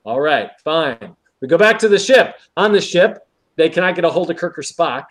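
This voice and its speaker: A man's voice: fairly high pitch, normal speed. A man co-hosting a podcast, casually recapping an episode and acting out quoted lines. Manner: animated retelling with quoted lines. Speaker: podcast co-host.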